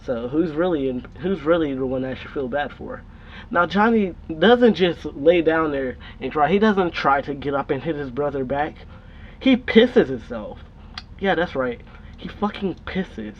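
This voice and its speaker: Young male vlogger, raised pitch, faint hiss, rambling swearing storyteller. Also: lively intonation, unhurried. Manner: profane, laughing, rambling. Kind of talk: casual storytelling. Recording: dull lo-fi recording with faint noise.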